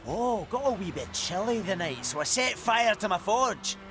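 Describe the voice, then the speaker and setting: A sour old dwarf smith with a thick Scottish accent and a lively, up-and-down delivery. He is sarcastic and curses freely. Faint game music plays under him. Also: high voice, moderate pace. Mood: sarcastic angry. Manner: sarcastic, swearing, exclaiming. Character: gruff old male dwarf blacksmith, bitter and sarcastic.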